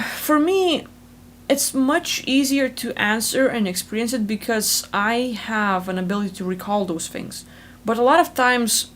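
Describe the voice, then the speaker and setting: Woman, quick rambling talk, casual explanations, medium pitch, faint hum behind, video call audio. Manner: fast-talking, rambling, many fillers. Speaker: spiritual channel host. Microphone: video call recording.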